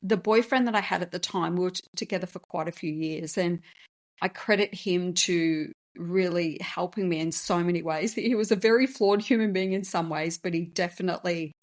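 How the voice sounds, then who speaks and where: A woman's voice: lowish voice, moderate pace. Candid woman telling her story. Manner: candid, emotional, conversational. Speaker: podcast host and business founder. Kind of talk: personal storytelling podcast.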